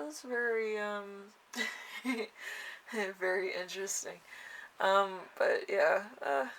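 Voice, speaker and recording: A woman reads tarot cards in a slow, unhurried way, her voice carrying a gravelly fry. She talks in a halting manner, with many fillers and little laughs. A faint hiss sits behind her. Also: lowish voice, fairly bright tone. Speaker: tarot reader. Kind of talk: casual tarot reading.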